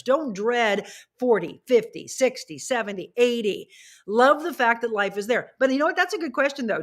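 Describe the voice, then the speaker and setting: A woman's voice: medium pitch, a bit bright. A middle-aged woman hosting a casual chat with viewers, rambling chattily and stopping to talk to her dogs. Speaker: livestream host.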